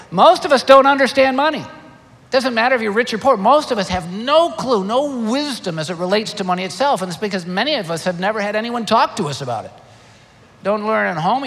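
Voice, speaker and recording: Older guy preaching, punchy, fairly high voice, big hall echo. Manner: animated, emphatic, rhetorical questions. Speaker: pastor. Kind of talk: sermon. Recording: long hall reverb.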